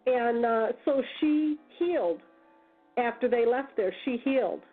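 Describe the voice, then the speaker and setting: A woman from the United States, a guest on a talk radio show, telling stories in a casual, animated way and acting out the voices of the people in them. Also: a little high, measured pace, soft background music. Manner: animated storyteller, acts out quoted voices. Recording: tinny phone line.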